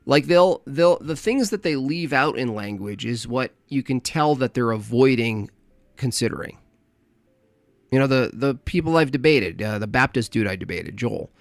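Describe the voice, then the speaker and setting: A man's voice: medium pitch, lively intonation, moderate pace, creaky, no room sound. Sarcastic male streamer, dry close sound. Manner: mocking, crude, sarcastic, rambling. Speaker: livestream host reacting to a clip. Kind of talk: casual reaction commentary.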